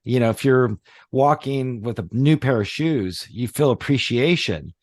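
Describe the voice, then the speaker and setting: A middle-aged man talking casually on a podcast as host, rambling and animated, with many fillers and restarts. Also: medium pitch, a little slow, no room sound, studio quality. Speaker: podcast host, reality surfing teacher.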